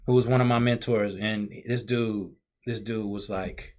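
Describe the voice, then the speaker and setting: A man in his thirties, a former pro baseball player, telling animated stories as a guest in a casual chat and acting out other people's voices. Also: lowish voice, unhurried. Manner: animated storytelling, acts out the voices of coaches and fans.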